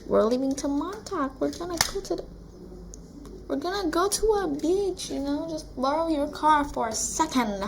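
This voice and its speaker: A woman doing a calm, casual mom. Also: high-pitched, moderate pace, gravelly, a little hiss or hum, voice pushed up.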